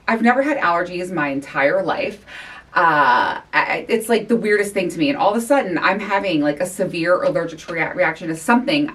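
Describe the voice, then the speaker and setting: A middle-aged woman hosting her own podcast, talking candidly and excitably, a little out of breath, with sighs and laughs. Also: fairly low pitch, distant mic. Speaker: podcast host. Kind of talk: casual chat.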